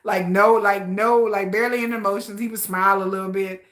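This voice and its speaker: A woman's voice: medium pitch, fairly quick. Chatty woman in an echoey room. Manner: chatty, animated, addresses viewers as y'all. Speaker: K-pop reaction vlogger. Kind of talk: casual chat to a live audience.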